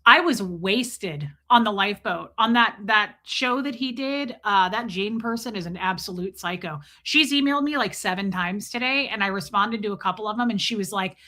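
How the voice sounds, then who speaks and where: A woman's voice: mid-range voice, normal speed, few pauses, pushed and bright. A woman hosting a casual live stream, chatting loosely with viewers, greeting them by name and swearing freely.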